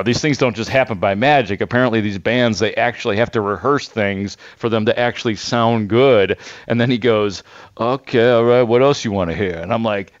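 Lively low-voiced male sports reporter. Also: no room sound, highs cut off. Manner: animated, self-deprecating anecdote teller with laughs. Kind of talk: casual on-air storytelling.

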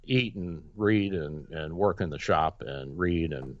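A man's voice: deep voice, unhurried, dry recording. A man hosting a radio show, telling long rambling stories in casual chat with many restarts and fillers. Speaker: radio show host, doctor. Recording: dry, dull lo-fi radio sound.

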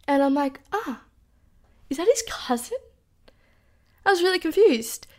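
Young woman, high voice, chatty confessional storyteller who swears and fills with "like.". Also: animated, normal speed. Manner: chatty, swears freely, peppers speech with "like". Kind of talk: casual personal storytelling.

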